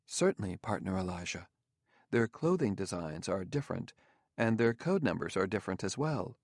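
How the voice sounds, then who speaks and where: A man voicing a calm, precise male robot. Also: low voice, no room sound, studio quality, exaggerated voice. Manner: even, precise and unhurried.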